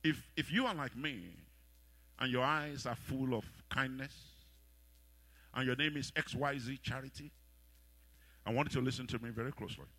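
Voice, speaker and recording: Male pastor, forceful and bright, dry close mic. He preaches in call-and-response and acts out the characters in his stories. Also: medium pitch, moderate pace, long pauses, no echo. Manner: rousing preacher leading call-and-response prayer, shouting at peaks; animated storytelling with voiced characters. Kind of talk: sermon.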